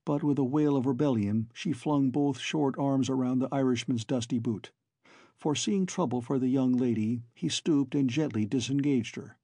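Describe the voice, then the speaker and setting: A man's voice: medium pitch, moderate pace, gravelly, mellow, slightly rough, no room sound, clean studio sound. A man reading a novel aloud as an audiobook narrator, telling the story steadily. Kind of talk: scripted narration.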